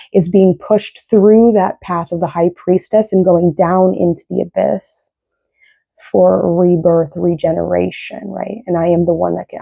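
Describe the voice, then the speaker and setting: Low, gravelly woman reading tarot. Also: mellow, no echo. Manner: rambling, tags sentences with "right?". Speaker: tarot reader.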